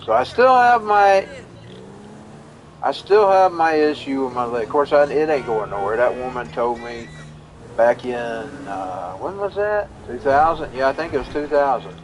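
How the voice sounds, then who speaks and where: A man's voice: mid-range voice, animated, unhurried, slight background noise, poor audio. Rambling folksy man chatting on stream. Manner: rambling, folksy, repeats himself. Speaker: live streamer. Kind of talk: casual personal storytelling.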